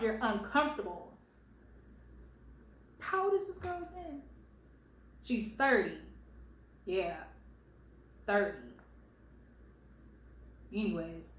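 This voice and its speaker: A woman reading online stories aloud at home and giving sassy, animated commentary, calling the poster baby and girl. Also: a little high, echoey room, low-quality recording.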